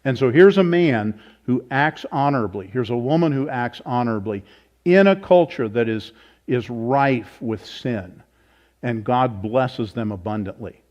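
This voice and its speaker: A man's voice: mid-range voice, expressive, a little slow, darkish tone. A pastor teaching a Bible study in a conversational way, asking the group questions and thinking aloud as he goes. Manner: informal, thinks aloud, self-corrects. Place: church meeting room. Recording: slightly dull, lo-fi.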